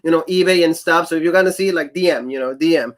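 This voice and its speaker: A man's voice: a little high, fast talker. A man co-hosting a wrestling review show, talking casually with many you-know fillers. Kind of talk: casual chat.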